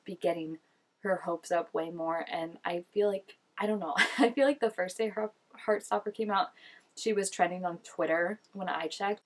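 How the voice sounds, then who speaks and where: A young woman giving casual reaction commentary, chatty and gushing with lots of "like" fillers. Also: medium pitch. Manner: chatty and gushing, many "like" fillers, laughs often. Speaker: reaction video host.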